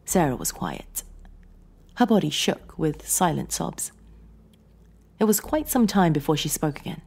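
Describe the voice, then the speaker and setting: Expressive, husky-voiced woman horror narrator. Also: deep voice, a little slow, pauses often. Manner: expressive storytelling.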